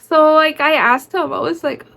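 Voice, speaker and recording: Woman vlogger, slightly high voice, excitable and chatty, casual narration full of fillers. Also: normal speed, creaky. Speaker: concert vlogger.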